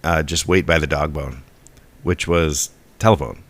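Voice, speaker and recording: A man co-hosting a podcast, casually explaining word origins in a relaxed way and often stopping to restart his sentences. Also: rumbling low, measured pace, creaky. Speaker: podcast co-host.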